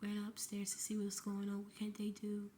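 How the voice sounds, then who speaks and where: A woman's voice: medium pitch, monotone, fairly quick, mellow, a little hiss or hum. A woman vlogger telling an emotional personal story, shaken and grieving, in a breathless retelling with frequent swearing.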